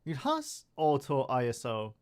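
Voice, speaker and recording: A young man with a medium-pitched voice talks loosely through a live stream at home. He rambles, restarts his sentences and pokes fun at himself, speaking into a desk microphone. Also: huge pitch swings, a little slow, darkish tone, clear, resonant tone. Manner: rambling, self-mocking, many restarts. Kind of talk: casual live stream chat.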